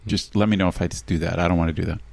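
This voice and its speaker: Low-voiced man telling a lively story. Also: racing, gravelly, dry recording. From United States. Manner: animated storyteller, imitates others' voices. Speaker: podcast co-host. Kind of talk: casual conversational podcast chat.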